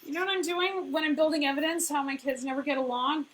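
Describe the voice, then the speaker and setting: A woman's voice: high voice, fast, a bit bright, rough recording. A woman in her thirties who runs a business and coaches, talking casually in a conversational way, full of fillers and frequent "right?" check-ins. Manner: conversational, filler-heavy, keeps asking "right?". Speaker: business owner and life coach.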